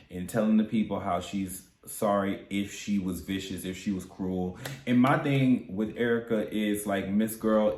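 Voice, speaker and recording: A man's voice: on the low side, darkish tone. A man giving a casual, sassy recap of a reality TV episode, campy and profane, with big swoops in his voice. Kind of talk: casual commentary. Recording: echoey room.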